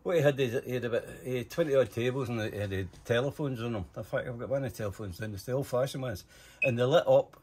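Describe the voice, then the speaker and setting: Older Scottish man, mid-pitched, telling long anecdotes with loose swearing and lots of "eh" fillers. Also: quick pace, darkish tone, husky. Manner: rambling, profane, full of "eh" fillers. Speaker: interviewee telling stories. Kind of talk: casual storytelling.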